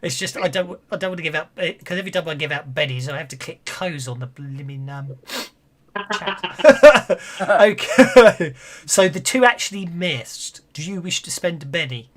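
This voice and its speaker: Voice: medium pitch, animated, moderate pace. A game master running a tabletop game online, chuckling often and restarting phrases. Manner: chuckling, hesitant, many restarts.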